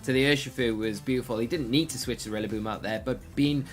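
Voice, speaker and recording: Male esports caster, analytical, mid-pitch, faint music bed. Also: fast. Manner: analytical, thinks aloud with restarts. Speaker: esports commentator. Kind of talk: live game commentary.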